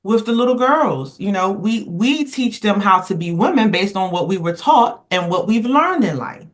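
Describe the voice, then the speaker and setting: A woman holding forth in a relaxed podcast roundtable, pressing her points with emphasis and rolling from one story into the next. Her pitch sits in an ordinary middle range. She backtracks and restarts mid-thought, like someone thinking out loud. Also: moderate pace. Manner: emphatic, animated storyteller who rambles and restarts. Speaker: roundtable panelist. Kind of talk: casual podcast roundtable discussion.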